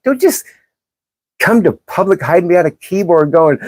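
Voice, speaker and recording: A woman's voice: fairly low pitch, expressive, measured pace, long pauses, a little mellow, no room sound. A woman hosting a livestream, reading chat comments and answering them in a blunt, profane, sarcastic way. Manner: combative, sarcastic, calls out commenters. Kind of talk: live-stream commentary.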